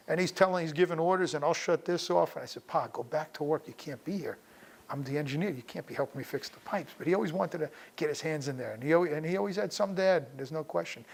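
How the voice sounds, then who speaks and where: A man's voice: a little high, creaky. A middle-aged man with a slightly raised voice tells stories about his father. He talks casually and anecdotally, often breaking off and restarting his sentences. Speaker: interviewee recalling his father. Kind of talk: personal storytelling.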